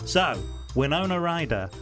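A man's voice: on the high side, very animated, unhurried, fairly bright tone, faint music behind. A man from England with a London accent, co-hosting a casual chat show and talking in a self-deprecating way with many restarts. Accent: London English. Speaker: podcast host.

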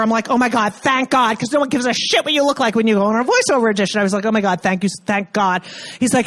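A woman in her thirties doing a stand-up comedy set, brash and profane, acting out the people in her story. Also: a little high. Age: 30s. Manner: brash, profane, acts out characters in quick asides. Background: audience laughter.

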